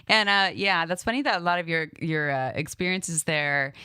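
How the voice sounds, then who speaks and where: Low, smooth-voiced woman in her thirties. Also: normal speed, pushed and bright, no room sound, clean studio sound. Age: 30s. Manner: reflective and meandering, wandering off on asides. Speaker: podcast co-host. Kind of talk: candid casual chat.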